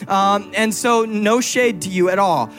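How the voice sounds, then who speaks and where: High-voiced young man preaching conversationally. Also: a little slow, fairly bright tone, soft background music. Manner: conversational and playful, teasing his wife. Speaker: pastor. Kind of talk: sermon with personal stories. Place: church before a congregation.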